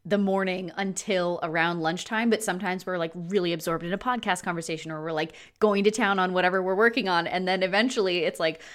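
A woman's voice: lowish voice, fairly even intonation, fast, few pauses. A woman co-hosting a casual podcast, explaining her thoughts at length with lots of "like" and "right?". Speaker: podcast co-host.

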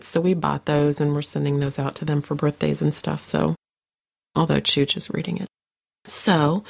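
A woman's voice: deep voice, gravelly. A woman co-hosting a podcast, reading out listener comments in a chatty way, laughing often, her throat sore from coughing. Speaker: podcast co-host. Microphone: home podcast microphone.

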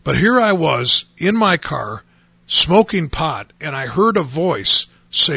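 A man's voice: a little high, big pitch swings, takes it slowly, vocal fry, bright, forceful tone, husky, no echo. A man in his fifties, a pastor and radio host, preaching a testimony in an earnest, emphatic way, repeating phrases for stress. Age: 50s.

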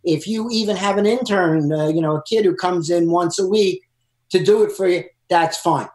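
Emphatic lawyer in an echoey room. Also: male voice, high-pitched, normal speed, darkish tone. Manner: emphatic, advising. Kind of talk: panel discussion.

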